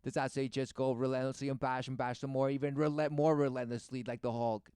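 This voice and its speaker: A man's voice: mid-range voice, flat delivery, brisk, dark tone, clear, resonant tone, no echo, studio quality. A man giving rambling, preachy religious commentary, repeating words and firing rhetorical questions with sarcasm. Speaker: commentator reacting to a video.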